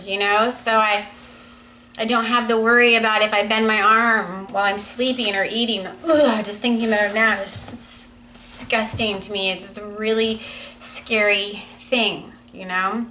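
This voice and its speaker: A woman in her thirties speaks straight to her viewers in a loose, personal vlog. Her voice sits a little high and has a bright, tense edge. She talks earnestly and rambles, leaning on "you know" again and again. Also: a little hiss or hum, low-quality recording. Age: 30s. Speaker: vlogger. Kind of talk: casual personal vlog monologue.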